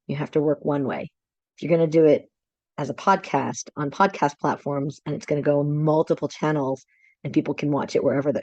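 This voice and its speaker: An enthusiastic woman co-hosts a casual chat over a video call. Her voice sits fairly low and sounds close and dry. The call audio comes through a little dull and lo-fi. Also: mellow, no echo. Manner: enthusiastic, laughs often. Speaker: podcast co-host.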